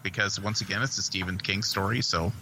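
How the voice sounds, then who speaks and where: A man co-hosting a podcast, reviewing a movie in a rambling, profane, excitable way. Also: deep voice, brisk, slight background noise, low-quality recording. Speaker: podcast co-host. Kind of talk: casual movie review chat.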